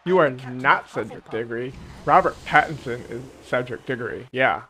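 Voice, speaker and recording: A man's voice: mid-range voice, moderate pace, bright, forceful tone, slight background noise. A young man giving casual, joking commentary as he plays a video game, chatty and self-mocking. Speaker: gaming channel host. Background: game music.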